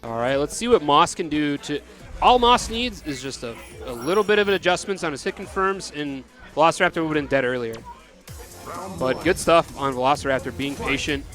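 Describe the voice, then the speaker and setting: A man's voice: a little high, expressive, fairly quick, a bit bright, faint music behind. A man with an American accent giving analytical, casual color commentary at a fighting-game tournament. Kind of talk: live esports commentary.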